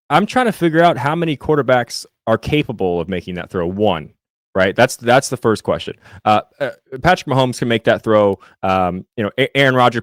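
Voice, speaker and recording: Podcast co-host, young man from Indiana, low pitch, dry close sound, loose chatty delivery full of fillers and restarts. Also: no echo. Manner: rambling, many fillers and restarts. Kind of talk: casual sports chat with live chat.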